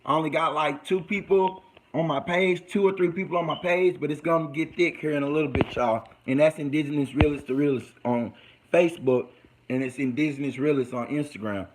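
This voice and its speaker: A man's voice: fairly high pitch, brisk, slight background noise, rough recording. A man talking casually to his viewers, rambling and repeating himself as he promotes his social media pages. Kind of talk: casual talk to camera.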